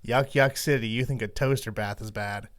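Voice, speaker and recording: Young man, podcast co-host, casual chat, deadpan humor, smooth voice. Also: medium pitch, normal speed.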